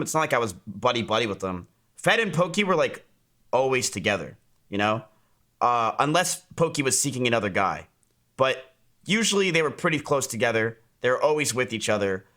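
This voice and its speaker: A man's voice: medium pitch, lively intonation, brisk, pushed and bright. A male streamer offering casual, rambling, self-deprecating commentary.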